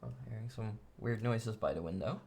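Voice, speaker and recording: A man chatting casually on a live stream, playful and goofy, swinging between loud bursts and soft asides. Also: lowish voice, normal speed, vocal fry.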